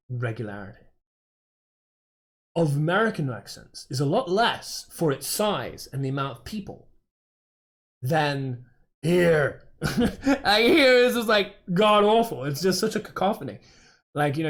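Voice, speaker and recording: Chatty English man, a bit high-pitched. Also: very animated, a little slow, pauses often. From England, Dorset. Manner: rambling, chatty, self-interrupting with many fillers. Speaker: game streamer. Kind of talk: casual chat while streaming a game.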